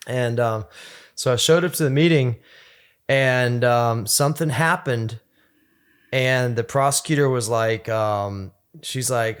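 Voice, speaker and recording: A man's voice: medium pitch, takes it slowly, clean tone. Rambling man telling his story. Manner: rambling, animated storytelling with many restarts and fillers. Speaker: podcast guest. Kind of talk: casual storytelling interview.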